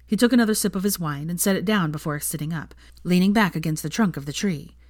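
Woman story reader, low voice, calm and measured, dry close mic. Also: no room sound. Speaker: fan fiction reader. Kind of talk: audiobook narration.

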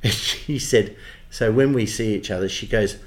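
A man with an Australian accent, a theatre producer telling lively backstage anecdotes in an interview. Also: on the low side, moderate pace. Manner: animated storyteller, does voices in quotes.

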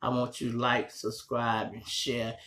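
A man's voice: mid-range voice, level tone, a little slow, fairly bright tone, slight background noise. A man with a Chicago accent hosting a podcast, rambling and profane in casual street commentary. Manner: profane, rambling, talks straight to listeners. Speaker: podcast host.

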